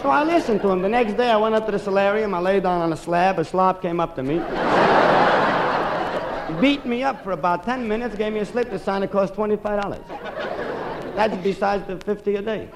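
Man, stand-up comedian, quick deadpan storytelling, slightly high voice, noisy live recording. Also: a loud crowd. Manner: brisk storytelling with deadpan asides.

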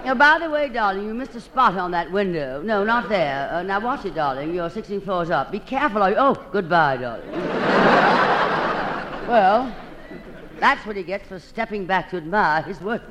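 A woman's voice: medium pitch, animated, normal speed, heavy background noise. A woman hosting an old-time radio comedy monologue, delivering it in a theatrical drawl and calling everyone darling.

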